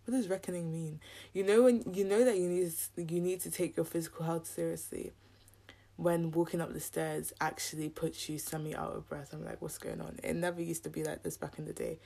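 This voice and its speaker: A woman's voice: low-pitched, flat delivery, fairly quick, gravelly, mellow. Young woman with a scratchy sore throat. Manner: chatty, candid and rambling. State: a bit out of breath. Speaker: podcast host. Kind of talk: casual solo podcast chat.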